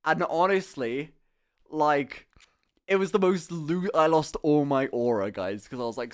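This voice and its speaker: With a slightly high, clean-toned voice and a measured pace, this young man streams live. He's swapping casual talk with viewers and spinning a lively, profanity-heavy story, laughing often.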